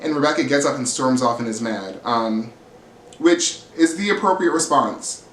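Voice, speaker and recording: A man's voice: medium pitch, normal speed, fairly bright tone. A man recapping a reality TV episode in a casual, blunt and sassy way, cursing freely. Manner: sassy, blunt and profane, acts out quotes. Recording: roomy echo, faint ambient hiss.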